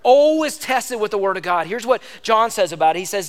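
A man's voice: high-pitched, expressive, a little fast. A man preaching a sermon as pastor, emphatic and exhorting, repeating lines for stress. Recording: long hall reverb.

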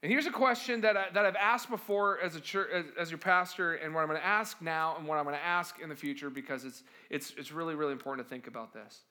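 A man's voice: a little high, fast talker, hardly any pauses, pushed and bright. A man preaching as a pastor in a conversational sermon, often asking the listeners rhetorical questions and acting out the voices he quotes. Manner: acts out quoted voices dramatically.

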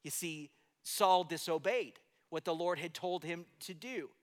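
A man's voice: on the high side, unhurried, long reverb tail. A man preaching a sermon as pastor, telling the story conversationally and asking rhetorical questions.

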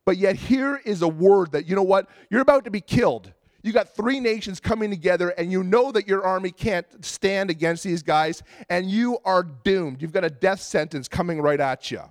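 A man preaching a sermon, telling a personal story and acting out his prayers, building to fervent shouts. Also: sits high, moderate pace, few pauses, no echo, clean studio sound. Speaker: pastor.

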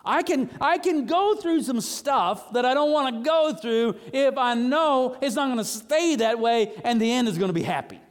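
High-voiced preacher in a reverberant hall. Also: male voice, normal speed, few pauses. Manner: animated preaching, rising to high emphatic bursts. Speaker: pastor. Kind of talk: sermon.

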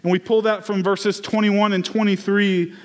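Male pastor, sermon, high-pitched voice, earnest, personal storytelling. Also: level tone, normal speed.

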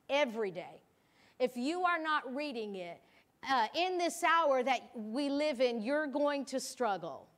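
A middle-aged woman pastor preaching a sermon, emphatic and repetitive as she urges her listeners. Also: fairly high pitch.

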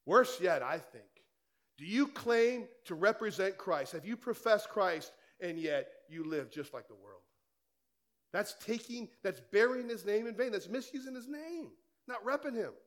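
Guy preaching a sermon, pretty high voice, keeps throwing questions at the church. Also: lively intonation, measured pace, a bit bright. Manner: conversational preaching, firing rhetorical questions at the listeners. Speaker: pastor.

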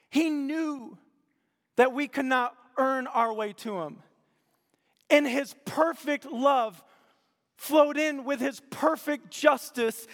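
A man's voice: very high-pitched, creaky, big-room sound. A male pastor delivering a sermon, emphatic and fond of repeating his key phrases.

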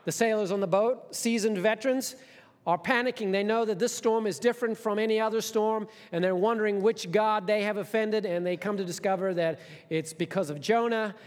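A man preaching a sermon as a pastor, telling a story in an animated, conversational way with asides to the congregation. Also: high voice, a little fast, big-room sound.

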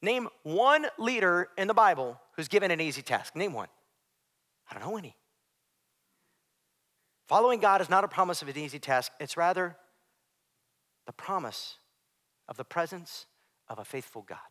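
A man preaching a sermon as pastor, swinging from hushed near-whispers to loud shouts. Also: high voice, very animated, normal speed, pauses often. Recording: preacher in a large reverberant hall.

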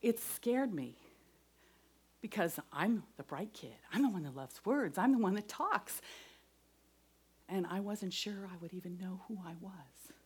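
A middle-aged woman giving a devotional talk and personal testimony, earnest, moving between raised voice and soft whispers. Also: mid-range voice, expressive, unhurried, husky. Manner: earnest, shifts from loud to whispered.

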